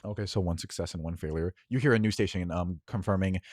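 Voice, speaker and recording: A man's voice: low voice, fast talker, few pauses, a little mellow, dry recording, studio quality. A man narrating as game master of a tabletop game, casual and full of filler ums.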